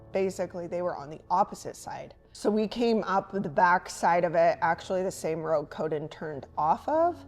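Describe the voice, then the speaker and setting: A woman in a documentary interview, retelling events in a subdued, quiet way. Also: on the low side.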